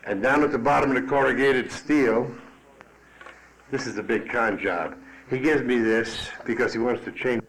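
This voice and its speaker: A man's voice: medium pitch, normal speed, fairly bright tone, slight background noise, poor audio. A man telling his own story at a recovery meeting, blunt and salty-tongued. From Chicago. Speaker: AA speaker. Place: meeting hall at a podium. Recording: archival 1980s meeting tape.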